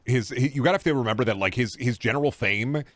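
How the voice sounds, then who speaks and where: A man's voice: mid-range voice, fast, fairly bright tone, dry recording. Rambling crude male streamer. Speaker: streamer host. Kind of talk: casual stream chat while gaming.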